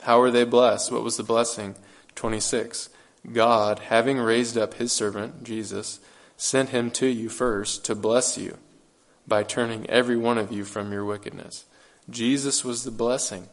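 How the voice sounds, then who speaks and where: A man's voice: mid-range voice, steady tone, a little slow. Earnest male preacher asking rhetorical questions. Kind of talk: sermon.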